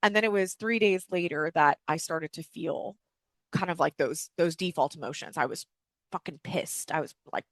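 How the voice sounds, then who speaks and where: A woman's voice: medium pitch, animated, normal speed, a bit bright, dry recording. A woman hosting a personal-growth podcast from home, talking candidly with frequent fillers and casual swearing. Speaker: podcast host. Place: home with dogs.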